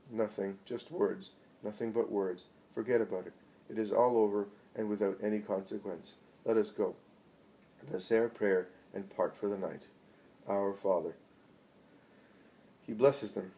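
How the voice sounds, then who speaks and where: A man reading aloud from a devotional book, measured and earnest, voicing each speaker's lines within the narration. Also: fairly low pitch, fairly even intonation, warm tone, rough recording. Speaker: reader.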